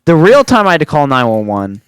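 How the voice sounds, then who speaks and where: A man's voice: a little high, huge pitch swings, brisk, clean tone, no room sound. A man in his twenties telling a rambling story on a podcast, full of fillers and laughing asides. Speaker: podcast host. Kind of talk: casual storytelling.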